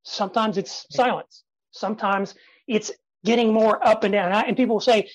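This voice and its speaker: A man in his fifties, a guest speaker in a podcast interview, talking energetically and emphatically with dramatic pauses and sudden soft drops. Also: high voice, fairly even intonation, no room sound, low-quality recording. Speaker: guest speaker and sales trainer.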